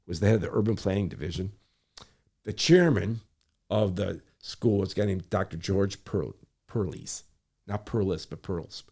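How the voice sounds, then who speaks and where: Lively middle-aged storyteller, low male voice. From Michigan, USA. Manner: acts out quoted voices, rapid self-corrections. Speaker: guest, public servant. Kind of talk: animated storytelling in conversation.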